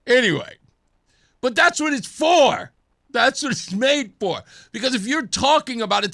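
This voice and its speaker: Man talk host, high lively voice, jokey and animated, studio mic. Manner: animated, jokey, chuckles through his points. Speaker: radio talk show host. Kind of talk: casual talk radio monologue.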